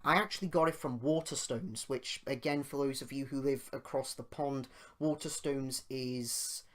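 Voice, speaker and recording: A British man from the United Kingdom hosts a podcast, speaking in a mid-range voice at a moderate pace. He rambles through a personal story full of tangents, getting louder and more indignant the longer he retells it.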